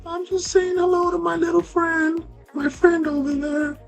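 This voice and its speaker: A man voicing an eerie little girl who talks about her scarecrow friend in a high, airy voice. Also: fairly even intonation, normal speed, creaky, faint music behind. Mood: eerie, innocent.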